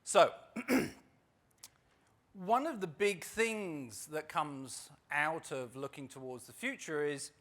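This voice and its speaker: A man with a slightly high voice presents to a room of conference attendees. He is wry and self-deprecating, and he stresses his points by repeating words. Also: fairly bright tone. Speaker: workshop facilitator. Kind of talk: presentation to a live audience.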